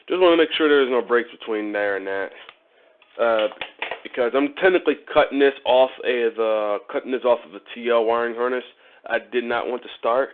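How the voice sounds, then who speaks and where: A motorcycle vlogger from Ohio, USA, speaks at a normal speed in a medium-pitched voice. He chats and jokes with viewers during a casual live stream while wiring up a motorcycle, laughing often, and the audio is narrow-band, like a phone.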